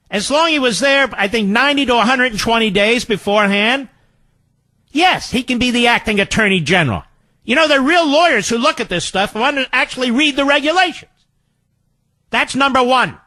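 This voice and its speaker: A fired-up male talk radio host with a fairly high, wildly swooping voice, recorded close and dry in a studio. He is sarcastic and combative, and he mocks opponents by mimicking them. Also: pushed and bright, no room sound.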